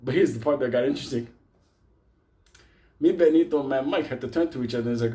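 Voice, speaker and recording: A man spins a rambling comic tale for a live audience. He swears constantly and laughs between lines. His voice has a dark, mellow tone at an ordinary middle pitch for a man. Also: fast talker. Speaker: storyteller. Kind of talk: live comedic storytelling to an audience.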